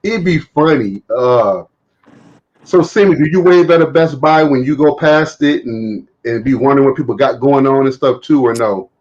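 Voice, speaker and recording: A man's voice: mid-range voice, normal speed, lo-fi sound. A man hosting a casual chat, telling funny stories with lots of laughter and acted-out lines. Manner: laughing storyteller, acts out his own shouts. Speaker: host.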